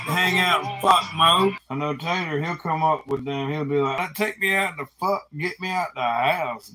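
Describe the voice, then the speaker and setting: A man rambling loudly and crudely on a livestream. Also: sits high, poor audio.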